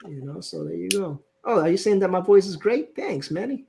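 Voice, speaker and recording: Brief: male live-stream host, slightly high voice, playful, reads viewer comments. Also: lively intonation, a little fast, creaky, a little mellow, slight background noise. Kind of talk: casual live-stream chat.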